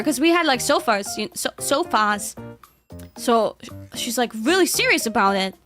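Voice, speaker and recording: A woman's voice: sits high, expressive, moderate pace, pushed and bright, soft background music. A young woman streamer in casual chat, rambling with lots of fillers and frequent giggles.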